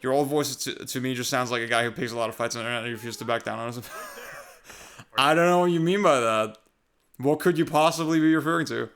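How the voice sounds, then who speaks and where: A young man with a Californian-sounding American accent chats casually while streaming a game, rambling, trailing off and swearing often. His voice is mid-range and fairly bright, with a quick pace.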